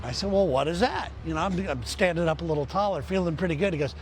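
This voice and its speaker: A middle-aged man, a comedian, telling a story casually to his camera and quoting a friend in an animated way. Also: on the high side, fast talker, hardly any pauses, slight background noise. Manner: casual, animated retelling with quoted voices. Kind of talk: storytelling vlog.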